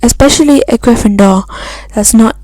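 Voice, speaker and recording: A woman's voice: fairly high pitch, normal speed, dark tone, dry recording, lightly acted. Woman reading as a stern aristocratic wizard father.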